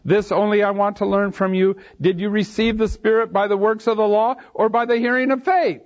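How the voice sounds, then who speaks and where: Heard through a dull lo-fi sermon recording, a man with a voice that sits high reads scripture aloud and explains it verse by verse, leaning hard on key phrases. His intonation is fairly even and his pace fairly quick, in the style of expository Bible teaching.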